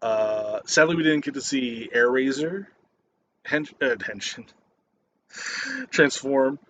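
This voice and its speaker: A man's voice: mid-range voice, expressive, slow pace, fairly bright tone, a little hiss or hum. A man giving a casual, rambling movie review, swearing constantly and stopping often for fillers and restarts.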